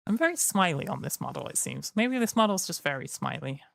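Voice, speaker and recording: A man's voice: sits high, big pitch swings, fairly quick, creaky, fairly bright tone, no room sound, clean studio sound. A tired man chatting casually to his live-stream audience, rambling and joking. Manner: rambling, jokey, slips into silly voices. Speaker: livestreamer.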